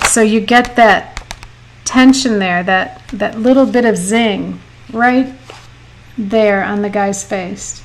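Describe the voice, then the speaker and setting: A woman's voice: mid-range voice, slow pace, poor audio. A middle-aged woman teaching watercolor painting on a live stream, chatty, laughing often and reading viewer comments aloud. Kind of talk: live painting lesson with chat.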